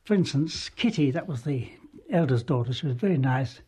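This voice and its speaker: Male ex-actor, mellow breathy voice, amused rambling memories. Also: medium pitch, expressive, normal speed. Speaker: retired touring actor. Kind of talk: anecdotal storytelling.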